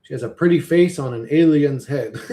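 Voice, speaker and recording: A man's voice: on the high side, lively intonation, measured pace, mellow, a little hiss or hum. A man in a casual, rambling live-stream chat, swearing freely and chuckling often as he talks.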